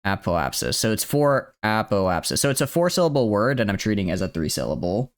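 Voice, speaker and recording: A man's voice: on the low side, sing-song, brisk. A man streaming a video game in casual live commentary, thinking aloud and tripping over words as he restarts.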